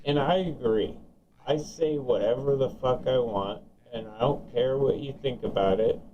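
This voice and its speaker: A man's voice: medium pitch, normal speed, slight background noise. Guy ranting and taunting over cb radio, swearing nonstop, kinda far off and muffled. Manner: profane, taunting, repetitive. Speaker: CB radio caller. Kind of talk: heated CB radio banter.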